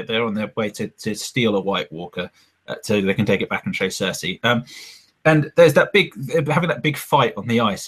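A man's voice: mid-range voice, a bit bright, breathy edge. A man co-hosting a casual chat, telling stories with plenty of hesitations. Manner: storytelling, hesitant with fillers.

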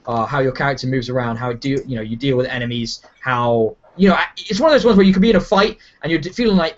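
A man hosting a casual gaming podcast, talking in an animated, rambling way with many restarts. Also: mid-range voice, fast talker, hardly any pauses. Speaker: podcast host. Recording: dull lo-fi sound.

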